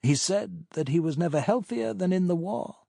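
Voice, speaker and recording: A man's voice: high-pitched, animated, moderate pace, creaky, warm tone, dry recording, clean studio sound, voice pushed up, full character voice. A man voicing a chatty older doctor recalling an old friend on the phone. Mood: reminiscing. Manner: chatty, reminiscing.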